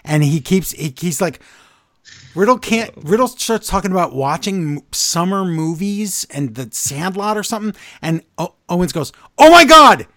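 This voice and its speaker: A man's voice: on the high side, moderate pace, few pauses, no echo, clean studio sound. A man co-hosting a podcast, recapping wrestling in casual chat with sarcastic, exasperated asides. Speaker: podcast co-host.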